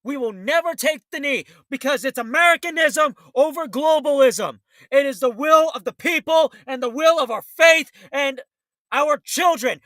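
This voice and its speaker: A man's voice: extremely high pitch, bright, forceful tone, no echo. A man hosting a political talk show, ranting in a fiery, blunt, combative way.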